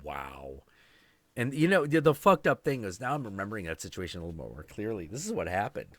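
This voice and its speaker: Deep-voiced profane ranting man. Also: big pitch swings, fast, no echo. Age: 20s. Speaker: podcast host. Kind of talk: casual storytelling chat.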